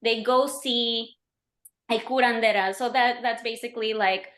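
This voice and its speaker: A woman's voice: on the high side, fairly even intonation, unhurried, fairly bright tone. A woman who is a podcast guest, chatting casually and explaining with lots of "like" and "you know". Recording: roomy, echoey remote recording.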